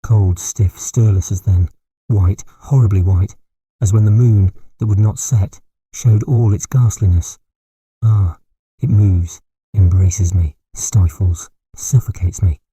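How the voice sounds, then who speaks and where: A man's voice: low-pitched, slow, warm tone, breathy edge, no room sound, exaggerated voice. A man voicing a delirious, dying middle-aged country squire who raves in frantic terror. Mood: terrified. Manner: raving, frantic, terror-stricken. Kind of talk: audiobook character voice.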